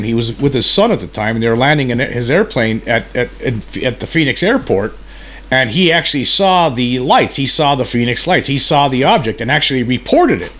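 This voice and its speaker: Man, host, casual commentary, rambling conversational manner, mid-pitched voice. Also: a bit bright. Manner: rambling, conversational, drifting between side points. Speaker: channel host.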